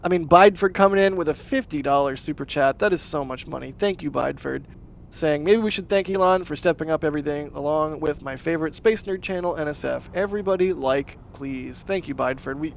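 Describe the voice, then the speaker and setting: A chatty man hosting a casual livestream, his voice sitting a little high. He laughs easily and gushes over each supporter he thanks. The talk is loose and friendly. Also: a little fast, gravelly, a little hiss or hum. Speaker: livestream host.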